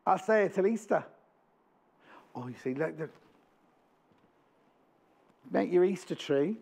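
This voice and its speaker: A man hosts a live shopping show, chatting and joking as he sells. His pitch sits a little high and leaps around a lot. There is a gravelly edge to his voice. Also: lively intonation, slow, darkish tone. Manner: chatty, enthusiastic, jokey. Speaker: shopping channel presenter. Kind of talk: live TV sales chat. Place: TV studio.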